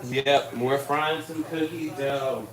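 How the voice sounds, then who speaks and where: A man's voice: mid-range voice, steady tone, slow pace, crowd noise. A man hosting a cooking video, chatting casually and goofily with his viewers and teasing them. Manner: playful, goofy, teasing viewers. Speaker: cooking channel host. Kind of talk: casual live chat while cooking.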